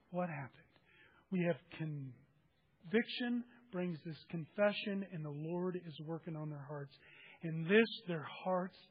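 A man's voice: high voice, narrow, tinny audio. A man preaching a sermon, reading scripture aloud and explaining it with everyday examples. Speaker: pastor.

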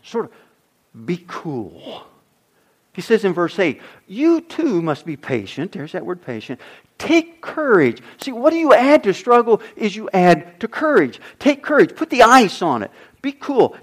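Animated man preaching a sermon. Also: high-pitched. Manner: animated, swings from loud emphasis to near-whispers. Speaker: pastor.

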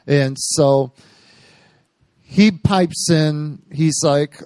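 A man's voice: mid-range voice, measured pace, no echo. Man telling a story from the pulpit. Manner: storytelling, quoting others in lively bursts. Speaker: preacher. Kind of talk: sermon testimony.

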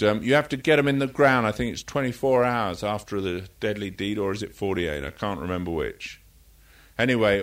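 A man's voice: medium pitch, fairly bright tone. An older man delivers a sermon in a loose, conversational way. He wanders into personal stories and stops to correct his own slips, keeping the tone of a chat more than a speech. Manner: conversational, rambling with anecdotes and self-corrections. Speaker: preacher.

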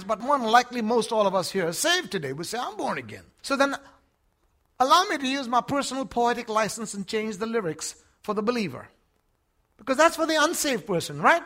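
Dramatic Australian preacher. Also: male voice, high voice. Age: older. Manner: swings from hushed to shouting, dramatic. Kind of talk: sermon.

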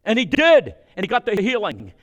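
High-voiced, animated male preacher. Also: normal speed, lo-fi sound. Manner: animated, emphatic, with conversational asides to listeners. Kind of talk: sermon with Bible reading.

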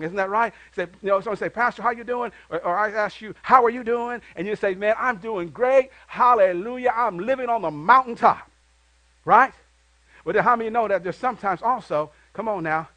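A man preaching a sermon as pastor, calling on the congregation to answer back and swelling into loud praise. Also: high-pitched, no room sound, rough recording. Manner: call-and-response preaching, rising into loud exclamations.

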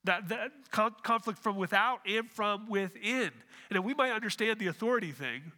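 Bright-voiced man preaching in a hall. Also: high-pitched, moderate pace. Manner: earnest preaching with rhetorical questions and restarts. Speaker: pastor. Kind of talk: sermon.

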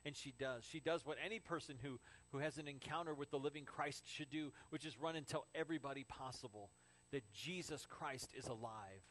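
Male preacher, sermon, animated narrator swinging from hushed to loud. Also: medium pitch, fairly quick, rough recording. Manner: animated storytelling, from hushed to exclaiming. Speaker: pastor.

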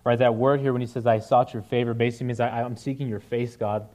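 A man's voice: medium pitch, flat delivery, quick pace, a little mellow. A young man giving a casual, conversational sermon, with many fillers and frequent "right?" asides to the listeners. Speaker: preacher.

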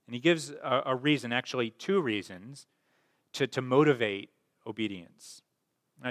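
A male pastor giving a sermon in an easy, conversational way, pausing on fillers and repeating words. His voice sits at a middle pitch. A long reverb trails each phrase, as in a large church. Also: expressive, a bit bright.

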